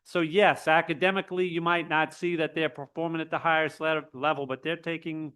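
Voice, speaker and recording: A man giving earnest public testimony at a hearing, halting and full of restarts. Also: on the high side, flat delivery, a bit bright, smooth. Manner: earnest, halting, with many restarts, turns emotional. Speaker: public commenter, state legislator.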